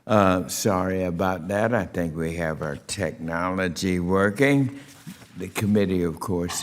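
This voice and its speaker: A man opens a committee hearing with formal remarks, his voice on the low side. He talks slowly and deliberately, often filling gaps with "uh". The long reverb of the hearing room trails after each phrase. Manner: deliberate, with frequent "uh" fillers. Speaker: committee chair.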